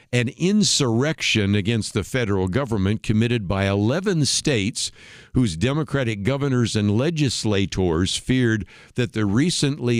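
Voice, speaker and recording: A man's voice: on the low side, dry recording, studio quality. A man hosting a talk radio show, giving conversational commentary and explaining history step by step.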